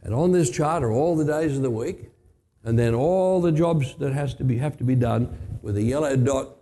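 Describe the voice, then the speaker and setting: A middle-aged Australian man preaching a sermon, telling blunt, emphatic stories and jumping up in pitch to stress a point. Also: normal speed, warm tone. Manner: blunt, emphatic storytelling with sudden rises for stress. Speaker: pastor. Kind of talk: sermon with personal anecdotes.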